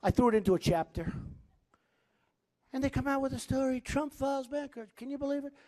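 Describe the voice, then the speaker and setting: Male candidate at a rally; boastful, repetitive, off-the-cuff delivery, lively up-and-down pitch. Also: fast. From United States. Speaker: political candidate speaking at a rally. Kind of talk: campaign rally speech. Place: large indoor rally venue.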